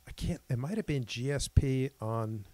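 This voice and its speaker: A man's voice: mid-range voice, normal speed, darkish tone, no room sound. A man co-hosting a podcast, chatting casually and rambling through stories with self-corrections. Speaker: podcast co-host. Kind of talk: casual chat.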